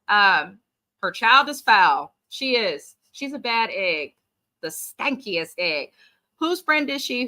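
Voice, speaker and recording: Woman host, fairly high bright voice, animated sassy recap chat, reads comments. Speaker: podcast host recapping a reality show. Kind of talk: casual live-stream recap chat.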